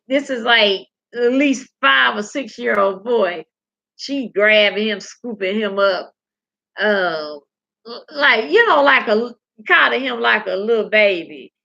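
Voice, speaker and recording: A woman with a medium-pitched, bright, pushed voice and some vocal fry reads viewer comments on a casual livestream. She's salty and candid, chatting straight to her audience and telling stories. The recording sounds dull and lo-fi.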